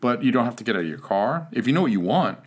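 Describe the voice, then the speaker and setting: A man's voice: mid-range voice, very animated, quick pace, slightly rough. A man hosting a comedy podcast at home, talking in a wry, grumbling way and swearing casually. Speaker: podcast host. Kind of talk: casual chat.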